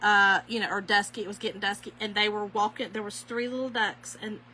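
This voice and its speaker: A woman telling stories to her viewers as she crafts, folksy and animated, calling them y'all. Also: medium pitch, brisk, slight background noise. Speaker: craft vlogger. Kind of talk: chatty storytelling while crafting.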